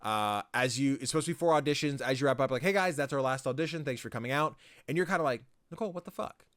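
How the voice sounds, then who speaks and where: A man's voice: mid-range voice, quick pace, a bit bright, no echo, clean studio sound. Rambling, swearing man recapping a game. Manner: rambling, swears freely, lots of likes and ums. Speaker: podcast co-host. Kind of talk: casual game recap chat.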